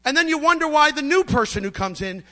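A man's voice: very high voice, animated, fast, sharp tone. A middle-aged man preaching a sermon, emphatic and storytelling, acting out the voices he quotes.

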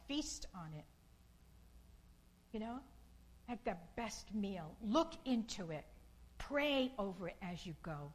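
Slow, earnest woman preaching. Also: medium pitch, very animated, low-quality recording. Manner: slow, earnest and repetitive, rising to bursts of emphasis. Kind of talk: informal sermon.

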